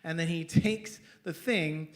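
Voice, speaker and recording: A pastor telling a humorous personal story in a sermon, animated and self-mocking, often laughing at his own jokes. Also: on the high side, takes it slowly. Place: church.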